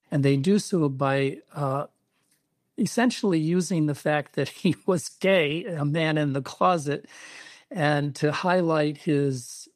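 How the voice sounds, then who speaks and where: A male author being interviewed on the radio, explaining events in a measured, storytelling way. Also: mid-range voice, no room sound, clean studio sound. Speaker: author guest.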